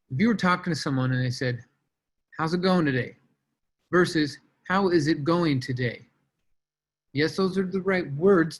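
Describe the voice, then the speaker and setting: A man leading a sales team on a video call, coaching in a casual, energetic way and calling out team members by name. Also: a little high, poor audio. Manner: energetic, casual, shouts out names.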